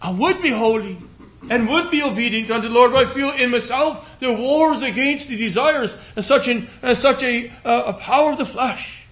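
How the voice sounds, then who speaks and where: A man preaching a sermon in an earnest, pleading cadence, repeating phrases and slowing into a hushed voice on scripture. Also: extremely high pitch.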